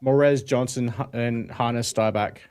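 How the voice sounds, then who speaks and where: A man's voice: medium pitch, fairly even intonation, a little slow, a little mellow, clean tone, dry recording, clean studio sound. A man with an Australian accent co-hosting a casual podcast, blunt with casual swearing. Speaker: podcast co-host. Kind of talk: casual roundtable chat.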